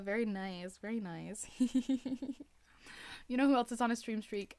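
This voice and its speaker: A woman's voice: on the high side, a little slow, clear, resonant tone, no room sound. A young woman streaming live and chatting casually with viewers. She rambles, fills her talk with "like" and often restarts her sentences. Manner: rambling, heavy use of "like", frequent restarts.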